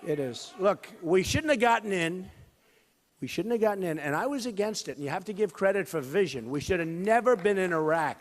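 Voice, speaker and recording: A man in his sixties giving a campaign rally speech, repeating lines for emphasis and swinging from loud outbursts to low asides. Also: animated, brisk. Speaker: presidential candidate. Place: high school gym with a crowd. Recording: long hall reverb.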